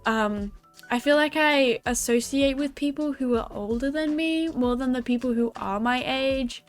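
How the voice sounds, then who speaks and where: Giggly Australian teen girl, high voice. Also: a little slow, faint music behind. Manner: bubbly, giggly, chatty. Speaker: gaming YouTuber. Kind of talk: casual vlog chat.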